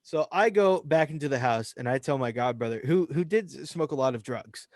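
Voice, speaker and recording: A man's voice: mid-range voice, fairly quick, no room sound, studio quality. A young man, a podcast co-host, telling a story in casual chat and acting out the voices of the people in it. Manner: animated, acts out voices in anecdotes.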